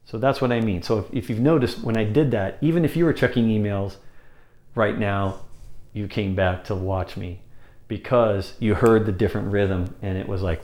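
A man's voice: normal speed, darkish tone. A man teaching how to hold attention, talking conversationally and often repeating phrases for emphasis. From United States. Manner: demonstrates by abruptly shifting pace and pitch. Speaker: sales or speaking coach. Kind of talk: instructional talk to camera.

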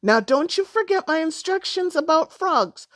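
A woman's voice: very high-pitched, lively intonation, normal speed, a bit bright, dry recording, clean studio sound, pitched above the performer's own voice. A woman voicing a protective, scolding mother snake in a spoken storybook tale. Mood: warning. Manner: scolding, warning.

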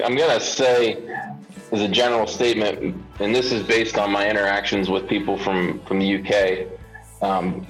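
An American man chatting casually, thinking aloud with many pauses and fillers. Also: lowish voice, poor audio. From United States. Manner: thoughtful, hesitant with many fillers. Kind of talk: casual conversation.

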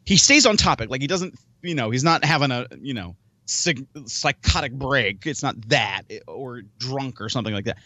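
A man's voice: medium pitch, animated, normal speed, bright, forceful tone, no echo. A man hosting a casual podcast chat, talking in long rambling stretches with restarts and acted-out thoughts. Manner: rambling, many restarts and quoted self-talk. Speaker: podcast host; wrestler and promoter.

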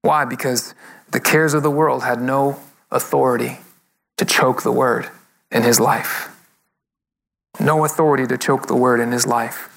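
Male pastor, mid pitch, narrating sermon story with acted-out dialogue. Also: fairly even intonation, unhurried, gravelly, long pauses, a bit bright. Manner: storytelling preacher acting out quoted dialogue.

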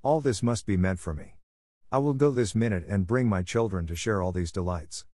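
A man's voice: lowish voice, normal speed, darkish tone, dry recording, studio quality, lightly acted. A man voicing a frightened old male merchant who speaks in a humble, pleading way in an audiobook reading. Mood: delighted.

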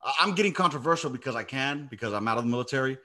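A man's voice: mid-range voice, lively intonation, rapid-fire, bright, forceful tone. A middle-aged man who is an army veteran, talking casually and telling stories with heavy, emphatic swearing. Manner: profane, emphatic storytelling. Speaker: podcast host, army veteran. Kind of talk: casual chat.

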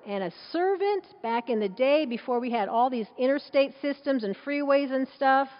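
A woman's voice: sits high, lively intonation, normal speed, hardly any pauses. A woman preaching a sermon in an emphatic, conversational way, full of rhetorical questions, with a dull sound in a large echoing hall.

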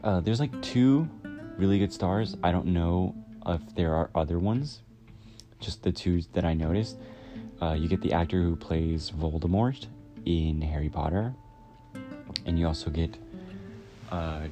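A man's voice: sits low, unhurried, long pauses. A man in his twenties casually reviewing a film in a rambling way, with many "like" fillers. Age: 20s. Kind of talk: casual chat. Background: music.

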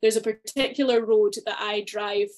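A woman's voice: mid-range voice, steady tone, normal speed, a little mellow. A woman co-hosting a podcast, talking in a reflective, chatty way with plenty of fillers and restarts. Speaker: podcast co-host. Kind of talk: casual chat.

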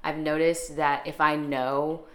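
A woman's voice: deep voice, little pitch movement, unhurried, fairly bright tone. A young woman hosting a podcast in casual chat, talkative, with many fillers. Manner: chatty, laughs often, many fillers. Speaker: podcast host. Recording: roomy echo.

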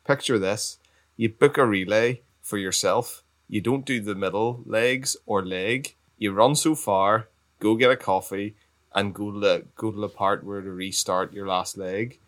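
A man's voice: on the low side, fairly even intonation, measured pace. A man co-hosting a casual podcast, playful and teasing, laughing often. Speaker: podcast co-host. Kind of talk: casual chat.

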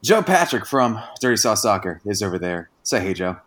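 A man's voice: lowish voice, very animated, moderate pace, a bit bright. A man hosting a casual sports podcast, joking and self-deprecating. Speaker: podcast host.

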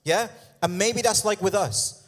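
A man's voice: high-pitched, unhurried. Conversational male preacher in a reverberant hall. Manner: conversational, humorous asides, frequent "yeah?" and "okay?" check-ins. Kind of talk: sermon.

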